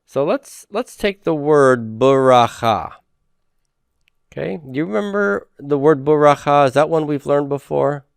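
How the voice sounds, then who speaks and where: A man's voice: fairly high pitch, expressive, a little slow, creaky, smooth, no room sound. A man teaching a Hebrew grammar lecture, patiently repeating words and checking in with "okay?".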